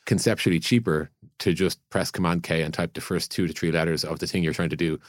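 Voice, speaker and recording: A man's voice: deep voice, steady tone, quick pace, no echo, clean studio sound. A man co-hosting a podcast, chatting casually about product ideas and thinking aloud with lots of fillers and restarts. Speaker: podcast co-host, product leader. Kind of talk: casual conversational podcast chat.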